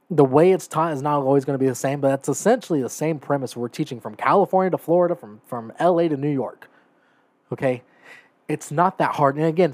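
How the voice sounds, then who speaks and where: A man's voice: mid-range voice, a little mellow, no room sound. A man hosting a solo podcast, talking emphatically and often checking in with "right?" and "okay?", and growing heated. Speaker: podcast host. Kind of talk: opinionated solo podcast commentary.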